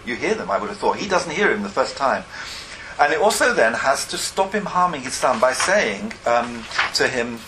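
A man's voice: medium pitch, very animated, normal speed, pushed and bright, slight background noise, low-quality recording. A man lecturing to a class, thinking aloud and often correcting himself mid-sentence. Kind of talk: academic lecture.

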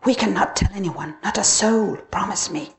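A woman's voice: medium pitch, moderate pace, gravelly, reverberant, a little hiss or hum, natural voice. A woman reading the lines of a formal, earnest, pious husband from an old-fashioned time, pleading and stiff. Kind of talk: storybook reading.

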